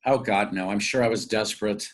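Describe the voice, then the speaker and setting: A male actor telling lively, self-mocking stories in a casual interview. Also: on the low side, a little fast. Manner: animated, self-mocking storyteller. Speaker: guest actor.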